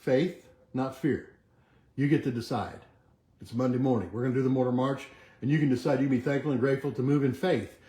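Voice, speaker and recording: An older man, a chiropractor who leads a weekly motivational march, gives a self-help talk full of affirmations. His mellow, mid-range voice repeats them slowly and softly, trailing off quieter each time, recorded in a roomy home kitchen with a bay window.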